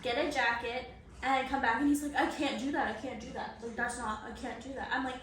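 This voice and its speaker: Young female podcast co-host, high bright voice, lively storyteller, echoey far-off room. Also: brisk. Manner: animated, laughing often, acts out quotes. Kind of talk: casual storytelling chat. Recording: echoey room, far from mic, faint noise.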